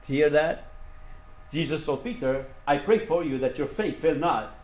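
A man preaching a sermon. He swings between hushed, low passages and raised, emphatic ones, and he asks the congregation questions for them to answer. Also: normal speed, reverberant.

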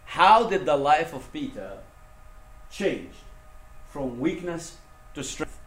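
Preaching slowly in an echoey room, a man swings widely in pitch, shifting from hushed, low passages to raised, emphatic ones. He poses questions for the congregation to answer.

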